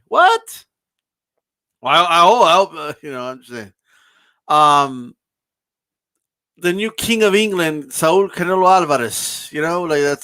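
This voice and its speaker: A man's voice: high voice, fairly bright tone, no echo. A man hosting a boxing live stream in loose, rambling casual chat, cursing freely as he talks to his viewers. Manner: loose and rambling, swears often. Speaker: boxing livestream host.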